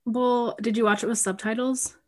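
A woman's voice: fairly high pitch, normal speed. Joking woman podcast co-host. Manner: relaxed and joking, with quoted asides. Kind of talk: casual chat.

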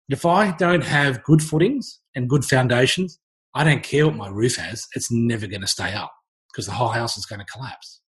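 A middle-aged man, speaking as a health researcher in a panel discussion, emphatic and impassioned, his voice rising sharply when he is stirred up. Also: medium pitch.

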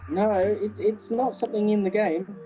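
Male co-host, mellow and playful, faint music bed. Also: sits high, normal speed, rough recording. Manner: animated, jokey, acts out quoted voices. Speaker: podcast co-host. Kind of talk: casual podcast chat.

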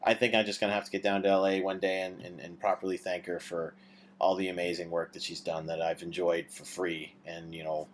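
Low-pitched male podcast host, rambling and hesitant. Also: level tone, brisk, a little hiss or hum. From Canada. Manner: rambling, hesitant, many restarts. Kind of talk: casual chat.

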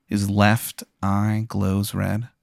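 A man's voice: lowish voice, monotone, very slow, creaky, no room sound, clean studio sound. A man hosting, improvising a comic second-person story with a rambling, filler-heavy delivery. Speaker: host.

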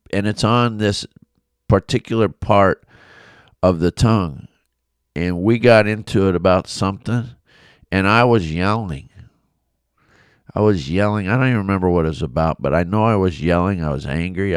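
A middle-aged pastor with a very low, resonant voice tells a personal story on his devotional podcast. He talks slowly and earnestly, often restarting his sentences. The sound is dry and close, from his home studio. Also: clean tone, no echo. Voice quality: big coach's voice.

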